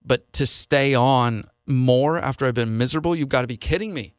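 A man's voice: medium pitch, normal speed, hardly any pauses, clean tone, dry recording, clean studio sound. A man from Seattle, a podcast host, telling a personal story in an earnest, confessional way and voicing his past thoughts as quotes. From Seattle, USA.

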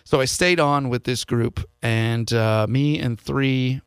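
A podcast host from Seattle, USA, tells a personal story in an earnest, confessional way, voicing his past thoughts as quotes. His medium-pitched voice is slow and smooth, captured in a clean studio with no echo.

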